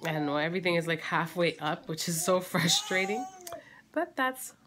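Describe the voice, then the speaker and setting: A woman in her thirties, a mother chatting casually at home for her family vlog, teasing and quick to laugh. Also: on the low side, lively intonation, a bit bright, slight background noise.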